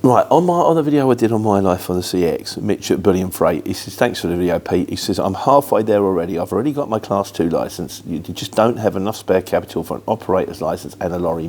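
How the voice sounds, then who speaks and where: A man's voice: low voice, darkish tone, husky. A middle-aged man from England with a London-tinged accent, answering viewer questions in a chatty, rambling, matter-of-fact way. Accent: London-influenced Luton English. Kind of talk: casual chat.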